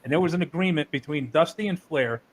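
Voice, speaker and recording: A man who runs wrestling shows, from New Jersey, telling animated, profane stories in a casual interview. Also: a little high, fast talker, slight background noise, low-quality recording. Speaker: wrestling promoter.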